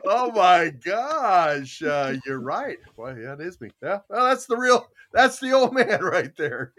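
A man's voice: high-pitched, big pitch swings, normal speed, bright, forceful tone. A middle-aged man hosting a casual morning chat show, telling rambling jokey stories and laughing often. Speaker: show host.

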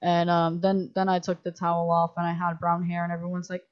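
A woman guest on a casual podcast, telling stories in an animated way with lots of "like" and acted-out quotes. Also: fairly low pitch, brisk, few pauses, dull audio. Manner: animated storytelling, many "like"s, acts out quotes. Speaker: guest filmmaker.

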